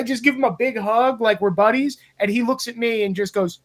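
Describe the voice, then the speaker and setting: A man on a casual podcast, telling animated stories, acting out quotes and swearing freely. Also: sits high, fairly quick, hardly any pauses. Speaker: podcast host.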